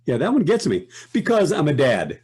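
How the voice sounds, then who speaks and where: An older man talks as a guest in a relaxed interview, his voice mellow and a little husky. He reflects unhurriedly on his work, often breaking off mid-thought and starting again. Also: a little high, normal speed. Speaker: guest voice actor. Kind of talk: casual interview chat.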